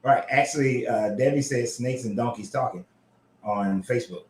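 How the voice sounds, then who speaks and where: A man hosting a casual commentary show, reading scripture aloud and reacting in an animated, profane way. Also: medium pitch, normal speed, echoey room, music in the background. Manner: animated, profane, frequently laughing. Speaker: host.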